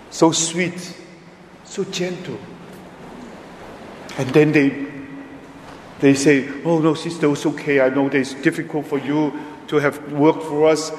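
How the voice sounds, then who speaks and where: A man preaching a homily at Mass in a slow, emphatic way, with frequent pauses and simple, non-native phrasing. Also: fairly high pitch, darkish tone, slight background noise. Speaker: priest. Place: large church. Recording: echoey church with long reverb.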